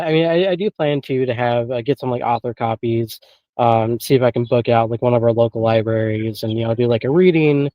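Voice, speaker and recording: A man's voice: mid-range voice, dry recording, dull audio. A man guesting on an interview and chatting casually about paranormal investigating, rambling with many filler phrases and frequent chuckles, over a remote call.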